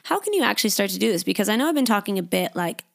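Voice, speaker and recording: A young woman hosting a casual solo podcast, talking freely and swearing, who often acts out her own inner thoughts in a higher voice. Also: sing-song, rapid-fire, gravelly. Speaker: podcast host.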